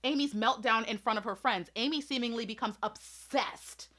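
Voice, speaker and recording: A woman's voice: a little high, moderate pace, bright, forceful tone. A woman reviewing a movie in an indignant, emphatic way, firing rhetorical questions and talking straight to her audience.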